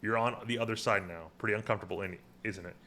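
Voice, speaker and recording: A man's voice: on the low side, fairly even intonation, quick pace, pushed and bright, slight background noise. A man co-hosting a podcast, recapping an episode in casual chat and paraphrasing the scenes with lots of fillers.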